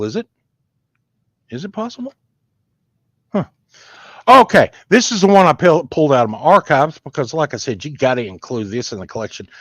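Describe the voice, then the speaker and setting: A man with a medium-pitched voice chats casually with viewers on a live stream, rambling in a folksy way. He's a comic book collector hosting the stream, and the recording sounds dry, dull and lo-fi.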